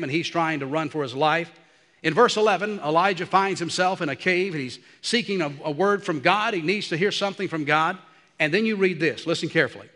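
A man preaching a sermon, animated and dropping to a hush for the quiet passages. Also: on the high side, big-room sound.

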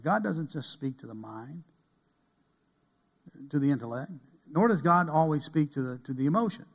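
Man, pastor preaching, slightly high voice, loud-to-hushed delivery, church pulpit. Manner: dynamic preaching, swinging from loud emphasis to hushed quiet. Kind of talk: sermon.

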